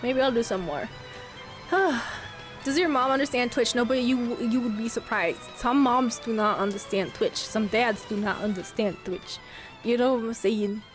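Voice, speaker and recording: A woman's voice: a little high, moderate pace, soft background music. A young woman streaming, chatting casually with her viewers, giggling often as she reads and answers chat.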